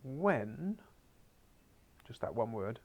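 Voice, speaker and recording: A man's voice: mid-range voice, sing-song, very slow, a little mellow. A man teaching a beginners' Spanish class, coaxing his pupils along with wry asides and muttered whispers, heard in a school classroom.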